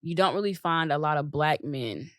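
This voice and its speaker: A woman's voice: low-pitched, moderate pace, no echo, studio quality. A woman hosting a podcast in casual interview chat, blunt and playful. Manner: blunt, playful, laughs often. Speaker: podcast host.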